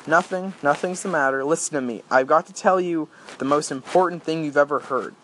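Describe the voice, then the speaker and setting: A man's voice: fairly high pitch, fairly quick, a bit bright, a little hiss or hum, natural voice, rough recording. Ford Prefect, as a man puts on an urgent alien traveller. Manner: urgent, insistent.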